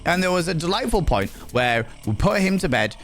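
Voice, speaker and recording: A young man chatting casually on a live stream, swearing freely and telling stories in an animated, exasperated way. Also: sits high, brisk, faint music behind.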